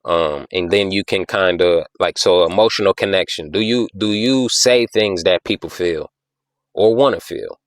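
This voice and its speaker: A man with a very low voice, recorded dry and close. He talks in a loose, conversational way, circling back on his points and checking in with the listener as he explains. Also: moderate pace, no room sound. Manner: conversational, repeats himself, frequent "you know what I'm saying"; taps out rhythms with "da da da". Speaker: podcast host. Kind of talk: casual explanatory monologue.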